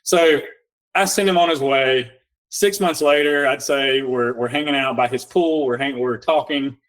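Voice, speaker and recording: A man, a nervous system coach guest on a podcast, telling client stories in a lively way, acting out both sides of the talk and slowing down for guided instructions. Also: mid-range voice, low-quality recording. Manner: animated storyteller acting out both sides of conversations; slow, guiding coaching instructions. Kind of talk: casual storytelling in a podcast interview.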